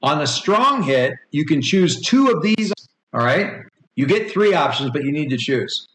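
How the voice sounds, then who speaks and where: A man's voice: on the high side, big pitch swings, unhurried, a bit bright. A man in his forties running a tabletop game and rambling through rules explanations with many fillers. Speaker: game master. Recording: echoey room with faint noise.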